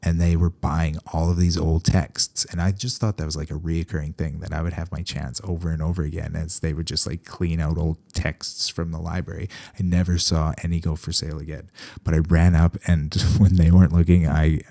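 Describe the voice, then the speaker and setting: Deep mellow voiced canadian guy, vet podcast host, dry close mic, joking asides. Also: brisk, creaky, hardly any pauses, dry recording. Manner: animated, wry, sarcastic asides. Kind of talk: casual solo podcast monologue.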